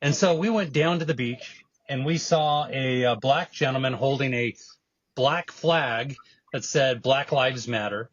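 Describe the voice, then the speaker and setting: A man's voice: medium pitch, measured pace, dry recording, muffled recording. A man guesting on a podcast, telling stories and making his case in an earnest, emphatic way. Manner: animated storyteller, earnest and emphatic. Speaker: guest, evangelist and film producer. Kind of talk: storytelling interview answer.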